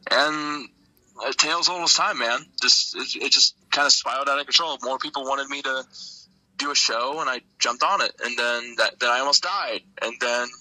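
A man's voice: medium pitch, fairly quick, sharp tone, no room sound, poor audio. A young man, a wrestler being interviewed, tells stories casually in a laid-back, profane way and laughs often. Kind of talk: casual storytelling.

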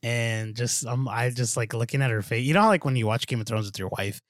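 This podcast co-host talks quickly at a medium pitch, recorded dry with clean studio sound. His casual chat wanders, packed with filler words, false starts and plenty of "dude."

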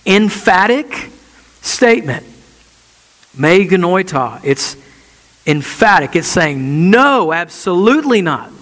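Man preaching from the pulpit, earnest and slightly high-pitched, with a long reverb tail. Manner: earnest preaching, slowing and dropping soft in prayer. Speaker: pastor. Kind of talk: sermon.

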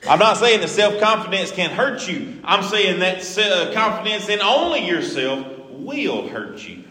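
A man preaching a sermon, lively and acting out the scripture he quotes. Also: fairly high pitch. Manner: animated, acts out scripture quotes. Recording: echoey hall with long reverb.

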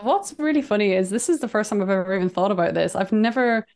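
A woman co-hosting a podcast, chatting casually about a film, agreeable and quick to laugh. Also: medium pitch, expressive, a little mellow. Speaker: podcast co-host. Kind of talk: casual movie chat.

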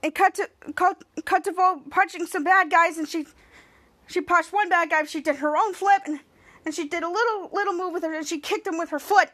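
A woman hosting a podcast, retelling a TV episode in a rambling way with many halting restarts, and acting out the characters' lines in animated voices. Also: very high-pitched. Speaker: podcast host. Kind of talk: casual episode recap.

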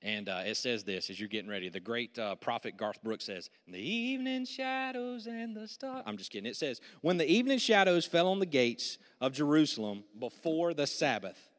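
A male pastor delivering a sermon with energetic, joking delivery and prompts to the congregation. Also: mid-range voice, brisk. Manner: energetic, jokey preaching with audience prompts. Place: church sanctuary. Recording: church hall with long reverb.

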